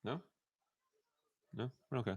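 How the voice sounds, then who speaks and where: A man co-hosting a live football watchalong, chatting casually with quick, joking remarks. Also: no room sound. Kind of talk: casual chat.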